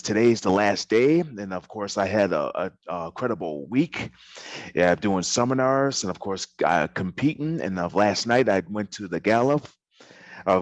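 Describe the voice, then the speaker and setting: A man hosting a podcast interview in casual chat, talking haltingly with many fillers and restarts. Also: lowish voice, dry recording. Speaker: podcast host. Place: hotel during a convention.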